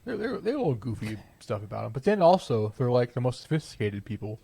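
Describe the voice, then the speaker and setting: A man's voice: mid-range voice, big pitch swings, quick pace, creaky, dark tone, breathy edge. A young man co-hosting a podcast, chatting casually and arguing his opinions with playful confidence. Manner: opinionated, playful, trails off in restarts. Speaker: podcast co-host. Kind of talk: casual chat.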